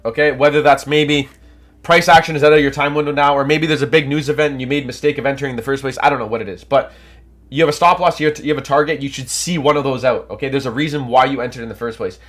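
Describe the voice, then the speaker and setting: A man's voice: medium pitch, fast talker. Stuffy-nosed Canadian man hyping his chat. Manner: energetic, hyped, coaching chat. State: stuffed-up nose from allergies. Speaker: trading livestream host. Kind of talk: casual livestream chat reading viewer comments.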